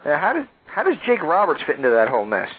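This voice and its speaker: A man hosting an interview, asking questions in a friendly, halting way. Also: on the high side, wildly swooping pitch. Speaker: interview host. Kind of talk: casual phone interview. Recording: tinny phone line with faint hiss.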